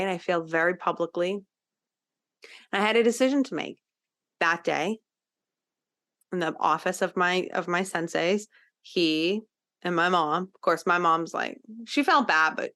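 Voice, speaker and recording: A woman's voice: on the low side, fairly bright tone. A woman hosts a podcast and tells a personal story straight to the listener. Her talk is casual and full of fillers, with the odd swear word. She stresses the lessons she wants listeners to take away. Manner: earnest, driving home lessons to the listener. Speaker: podcast host.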